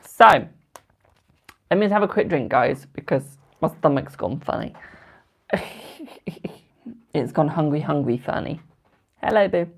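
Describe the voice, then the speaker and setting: This UK tarot reader in his twenties chats casually through live-stream card readings, affectionately calling viewers darling and boo in a gossipy, loose way. He has a fairly high pitch, lively intonation, an unhurried pace, and a fry-tinged, slightly gravelly edge as phrases trail off.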